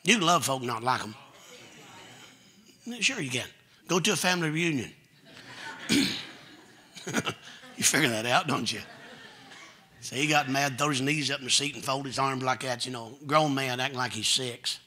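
A middle-aged man with a Kentucky accent, preaching a folksy, joking storytelling sermon that builds to loud preaching. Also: mid-range voice, normal speed, long pauses. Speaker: guest preacher.

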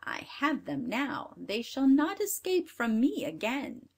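A woman's voice: mid-range voice, sing-song, unhurried, breathy edge, full character voice. A woman reading a storybook aloud and voicing a cruel, sneering old witch with a harsh, scolding manner.

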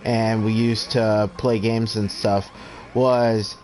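A man's voice: fairly low pitch, flat delivery, takes it slowly, darkish tone, a little hiss or hum. A man in his twenties with a stutter, hosting a game stream and talking in an earnest, rambling, heartfelt way. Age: 20s. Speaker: streamer host. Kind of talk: casual chat while streaming a game.

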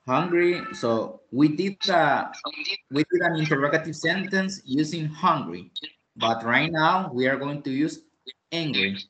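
Slow, patient teacher, roomy sound. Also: male voice, a little high, lively intonation, a bit bright, a little hiss or hum. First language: Spanish. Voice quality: clears throat often. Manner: patient, repeats phrases, switches between English and Spanish. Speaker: English teacher. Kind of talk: online English lesson. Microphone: online class call. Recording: roomy echo.

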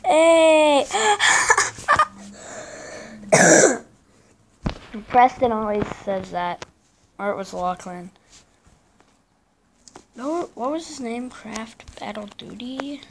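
A woman giving casual live commentary on her own gameplay, chatting in slang and breaking into excited yelps and repeated protests. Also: fairly high pitch, slow pace, pauses often, background noise.

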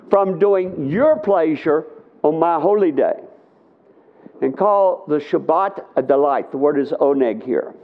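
Middle-aged guy teaching scripture, slow and a bit high, keeps saying okay?, sounds like a phone line. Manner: conversational, checks in with "okay?" often. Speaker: Bible teacher. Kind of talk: live conference teaching.

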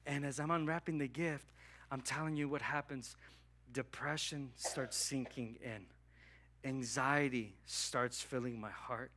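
Animated, bright-voiced man preaching. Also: mid-range voice, unhurried. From Southern California. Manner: animated, acts out dialogue with God. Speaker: pastor. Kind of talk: sermon storytelling. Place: church hall.

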